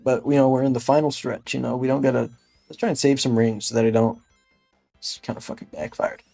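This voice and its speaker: A man doing comedic gameplay commentary in an impression of a gaming creator, rambling through absurd deadpan jokes and cursing in frustrated outbursts. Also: medium pitch, fairly quick, vocal fry, soft background music.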